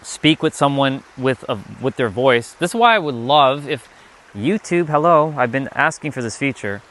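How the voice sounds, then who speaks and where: A man's voice: mid-range voice, animated, moderate pace, a bit bright. A young man giving a casual live-stream talk as a spiritual teacher, rambling and restarting his sentences often.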